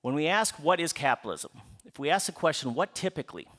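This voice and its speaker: A man gives a public book talk. His voice sits somewhat high for a man and swings widely in pitch. He asks rhetorical questions and answers them himself, with playful asides aimed at the audience. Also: lively intonation, fast talker, a bit bright. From Upper Midwest United States. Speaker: author giving a book talk. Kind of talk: public lecture to a live audience.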